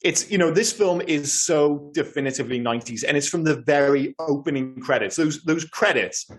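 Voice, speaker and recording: A man's voice: on the high side, normal speed. A man co-hosting a podcast, chatting casually about films in an enthusiastic, rambling, effusive way. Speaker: podcast co-host. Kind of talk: casual film chat.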